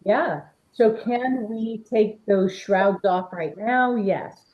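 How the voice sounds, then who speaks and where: Slow, gentle woman guiding a workshop. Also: mid-range voice, dull audio. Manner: gentle, encouraging, guiding a participant. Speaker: workshop presenter. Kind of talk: energy-healing workshop demonstration. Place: indoor event room.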